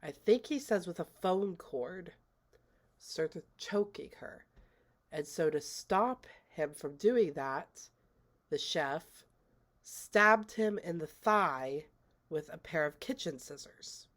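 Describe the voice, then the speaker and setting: A woman's voice: on the low side, lively intonation, slow. A woman casually recapping a movie she watched, chatty and rambling, with lots of fillers. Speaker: movie reviewer.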